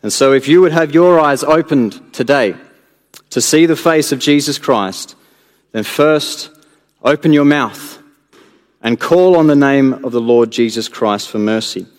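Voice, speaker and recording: A man preaching a sermon in an earnest way, building to emphatic peaks and then dropping low and soft. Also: a little slow. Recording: long hall reverb.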